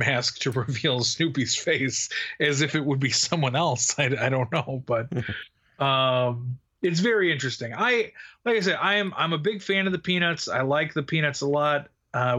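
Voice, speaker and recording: Chatty bright-voiced man on a lo-fi podcast. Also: mid-range voice. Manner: rambling, laughing, many fillers and restarts. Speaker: podcast co-host. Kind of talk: casual podcast chat.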